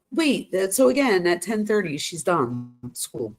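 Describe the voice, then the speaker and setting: Her voice is fairly low with big pitch swings, and she keeps a measured pace as she hosts a true crime live stream. Talking straight to viewers she calls "you guys," she reads texts aloud and reacts with chatty gasps and exclamations.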